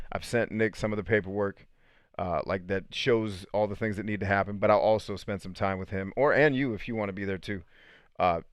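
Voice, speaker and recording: A man's voice: lowish voice, clean tone, dry recording, clean studio sound. A man in his thirties hosting a casual live stream, telling stories and reading viewer comments aloud. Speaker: host.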